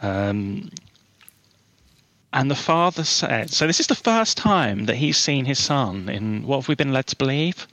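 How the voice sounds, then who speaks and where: A man's voice: medium pitch, sing-song, unhurried, a bit bright, dry recording. Wry co-host man, dry sound. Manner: wry, critical, searching for words with ums. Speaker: podcast co-host. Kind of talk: casual film-review chat.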